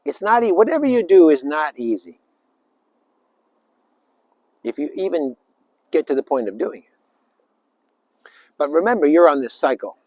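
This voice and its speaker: A man giving an informal spiritual talk, rambling and emphatic, with sudden loud bursts and little acted-out voices. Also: fairly high pitch, very animated, moderate pace, long pauses, dry recording, highs cut off. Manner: acts out little voices and sounds. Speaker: spiritual speaker.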